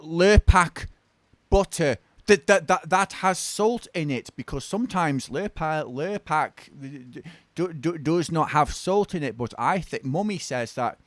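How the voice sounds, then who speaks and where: A man's voice: on the high side, dry recording. A man with a British accent voicing a bored little boy who stammers through a joke and repeats his words.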